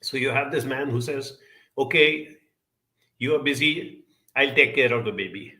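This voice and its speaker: Speaking at a medium pitch, a man gives an earnest, reflective talk. He tells a childhood story in a measured way, adding lively emphasis.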